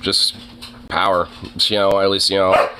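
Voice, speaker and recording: A man's voice: low-pitched, completely flat delivery, measured pace, bright, forceful tone, a little hiss or hum. A man streamer giving rambling, casual commentary on clips, with many fillers, swearing and laughs. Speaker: streamer reacting to videos.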